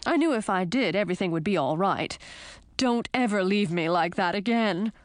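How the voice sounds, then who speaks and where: A woman's voice: mid-range voice, animated, moderate pace, no room sound, lightly acted. Woman voicing a loyal fretful talking horse. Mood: relieved, pleading.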